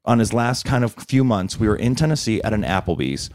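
A man in his forties, an actor being interviewed, telling stories in a lively casual way and jumping into little voices for the people he quotes. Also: fairly low pitch, fairly quick, dry recording, studio quality. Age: 40s. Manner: animated storyteller, acts out quotes in shifting voices. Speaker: actor guest.

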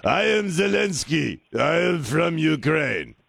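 A man putting on a slow, guttural mock-accented voice to imitate a foreign president. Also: fairly high pitch, sing-song, vocal fry, a bit bright, breathy edge, no echo, pitched above the performer's own voice, exaggerated voice. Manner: slow mocking put-on voice. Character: put-on impression of a male foreign president, heavy guttural accent.

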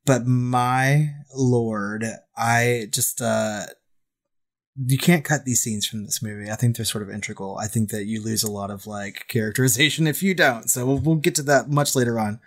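A man talks casually as a podcast co-host, full of enthusiasm for the film. He laughs often and throws in quick asides as the conversation moves along. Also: mid-range voice.

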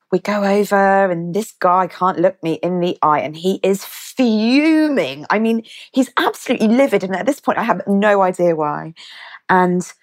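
A woman, a guest vividly retelling a personal story and acting out the dialogue. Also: mid-range voice. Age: 30s. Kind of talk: storytelling in an interview.

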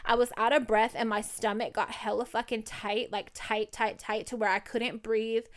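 A young woman co-hosting a podcast tells a story in loose, slangy, profane chat. Her voice sits fairly high and sounds smooth and clear. She talks in an animated way. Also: normal speed. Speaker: podcast co-host.

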